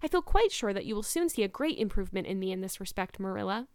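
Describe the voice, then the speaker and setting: A woman voicing an imaginative teenage girl, earnest and emphatic, sometimes quick and cold. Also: medium pitch, big pitch swings, clean tone, no room sound, studio quality, lightly acted.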